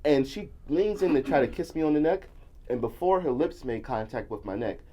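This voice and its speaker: Animated crude-talking man telling stories. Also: medium pitch, fairly quick. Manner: animated, crude, bursts into shouting and laughter. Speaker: comedian guest. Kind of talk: storytelling in casual chat.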